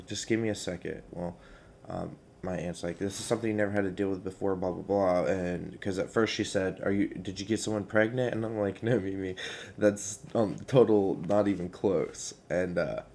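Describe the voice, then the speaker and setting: A young man, telling a personal story in a casual vlog, hesitant and halting with many fillers. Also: low-pitched, fairly even intonation, vocal fry, darkish tone, a little hiss or hum. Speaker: vlogger.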